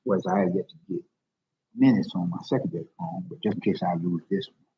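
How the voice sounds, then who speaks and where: A man's voice: sits low, brisk, husky. A man in a public library rambling emotionally and confessionally on a livestream to his viewers. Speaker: vlogger. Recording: dull lo-fi livestream audio.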